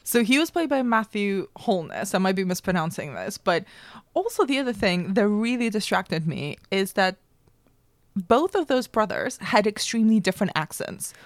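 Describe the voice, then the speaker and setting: A woman's voice: mid-range voice, very animated, moderate pace, no echo. A woman hosting a podcast, chatting with enthusiasm and firm opinions. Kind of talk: casual chat.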